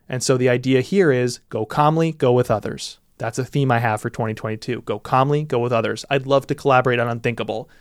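A man's voice: medium pitch, no room sound. Talkative male podcast host, dry sound. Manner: animated, talkative, quick asides. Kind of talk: casual podcast chat.

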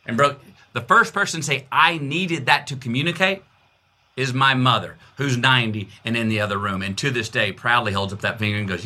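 A man's voice: fairly quick, bright, forceful tone. A man in his fifties with a Texan accent, talking as an interview guest in an emphatic, repeating way. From Texas. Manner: emphatic, repeats phrases, swings pitch widely. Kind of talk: conversational interview.

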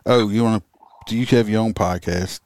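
A man hosting a casual podcast, relaxed and laughing along with his guest. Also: on the low side, fairly quick, dry recording. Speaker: podcast host.

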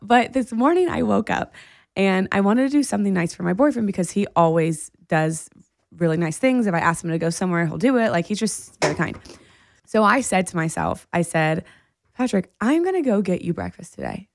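A woman co-hosting a podcast, telling a story in casual chat, animated and laughing often. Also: medium pitch, a little fast, creaky, no echo, clean studio sound. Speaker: podcast co-host.

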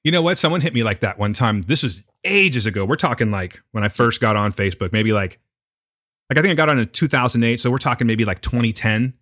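Quick, animated male co-host with dry, close sound. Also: medium pitch, no room sound. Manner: storytelling, animated quoting of others. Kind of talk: casual chat.

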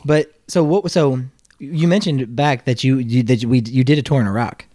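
A man hosting a casual podcast chat, telling a short story and asking relaxed questions. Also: mid-range voice, moderate pace, no room sound. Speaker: podcast host.

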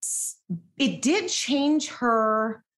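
A woman with a slightly high voice leads a casual podcast conversation. She talks in a relaxed, chatty way, peppering her sentences with "like". Her questions come out easygoing and conversational. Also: drawn-out words. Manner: relaxed, chatty, uses "like" a lot. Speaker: podcast host asking questions. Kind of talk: casual chat.

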